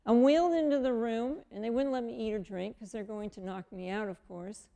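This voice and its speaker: Woman in her 50s, guest, gravelly mellow voice, animated storyteller who acts out the dialogue. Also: on the high side, fairly quick. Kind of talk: personal testimony storytelling.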